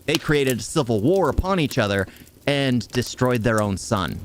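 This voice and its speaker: A man's voice: medium pitch, lively intonation, moderate pace, slight background noise. A man ranting sarcastically through a movie review, firing off exasperated rhetorical questions.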